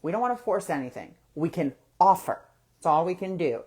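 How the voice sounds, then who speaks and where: A man's voice: a little high, sing-song, brisk, a little mellow, breathy edge. A man hosting a casual spiritual discussion, talking conversationally and asking rhetorical questions. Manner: conversational, asks rhetorical questions and acts out quoted thoughts.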